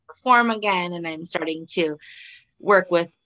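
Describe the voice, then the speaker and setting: A woman speaking as a podcast guest over a video call, with a slightly low but bright, forceful tone. She is reflective and hesitant, pausing often to find the right words. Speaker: podcast guest, performer and mother. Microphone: video call microphone.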